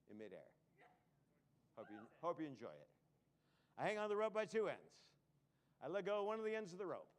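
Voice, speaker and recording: Punning comedy magician, high-voiced man. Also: clear, resonant tone. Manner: punning, self-mocking, jokey. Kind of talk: live stage magic patter. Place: live theater stage.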